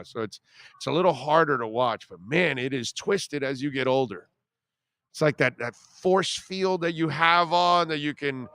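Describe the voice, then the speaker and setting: A man's voice: mid-range voice, fairly bright tone, clean tone, no echo, clean studio sound. A middle-aged man hosting a live sports radio show, chatting casually and reacting to comments with self-deprecating, emotional asides.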